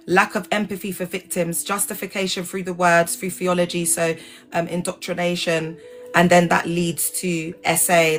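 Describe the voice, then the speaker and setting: A woman hosting a casual livestream, talking in an animated, digressive way and spelling out sensitive words letter by letter. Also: on the low side. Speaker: livestream host. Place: lives in England.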